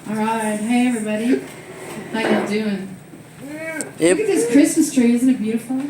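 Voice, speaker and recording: A woman performing a stand-up comedy set in a club, telling stories with loud acted-out quotes. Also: a little high, moderate pace, recorded from a distance, noisy background. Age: 60s. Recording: very echoey room, voice off-mic.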